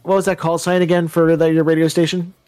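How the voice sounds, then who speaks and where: A man dropping quick wisecracks into a casual movie chat with friends. His voice sits notably high for a man. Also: little pitch movement, a little mellow, soft background music. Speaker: podcast co-host.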